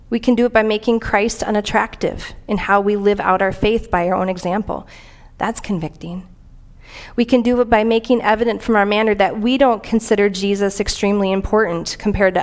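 Earnest woman preaching a conversational sermon. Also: medium pitch. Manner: earnest, plain-spoken, reads aloud from a commentary.

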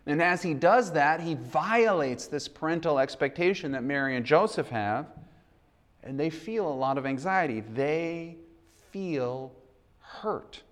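A man's voice: a little high, animated, moderate pace. A man preaching a sermon in a conversational, earnest way. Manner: conversational, earnest, acts out quoted dialogue. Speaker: pastor.

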